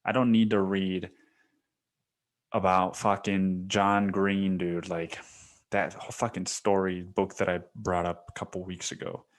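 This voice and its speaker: Young male podcast host, slightly low voice, loose, profane, rambling solo monologue. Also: flat delivery, a little slow. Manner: rambling, profane, says dude a lot.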